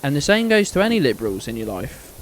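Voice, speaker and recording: A man's voice: fairly high pitch, big pitch swings, quick pace, a little hiss or hum, rough recording. A man streaming a game, chatting casually to his viewers in a rambling, sweary, joking way.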